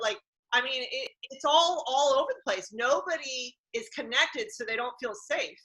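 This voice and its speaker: A woman's voice: fairly high pitch, normal speed, rough recording. A woman hosting a casual conversation about faith, telling stories animatedly and acting out the people she quotes. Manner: animated storyteller, acts out quotes. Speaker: podcast host.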